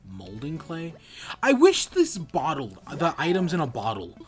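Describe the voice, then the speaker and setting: A man's voice: fairly high pitch, huge pitch swings, a little slow, soft background music. A man streaming a video game, chatting casually in rambling, self-correcting bursts. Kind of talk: casual gameplay commentary.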